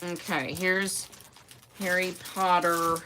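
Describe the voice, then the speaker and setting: An older woman with a somewhat low voice, chatting casually through a live stream. She greets viewers by name and answers their comments in a friendly, rambling way. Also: level tone, slow pace, noisy background. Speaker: host.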